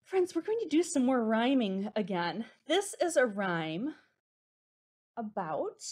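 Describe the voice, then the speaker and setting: A young woman leading a preschool storytime, with a sing-song, encouraging, slow and exaggerated delivery for small children. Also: fairly high pitch, big pitch swings, a little mellow. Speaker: children's librarian.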